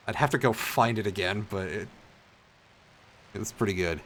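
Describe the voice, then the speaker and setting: A man's voice: moderate pace, pauses often, a bit bright. A man streaming a role-playing game, half reading the on-screen text under his breath and cracking jokes with the occasional swear. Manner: reads game text aloud in a low mutter, jokes and swears. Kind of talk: casual let's-play commentary.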